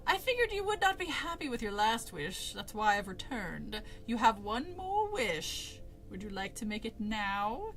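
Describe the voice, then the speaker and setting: A woman voicing a calm, sly wish-granting stranger who talks slowly and softly. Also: on the high side, soft background music, exaggerated voice. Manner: slow, soft, measured.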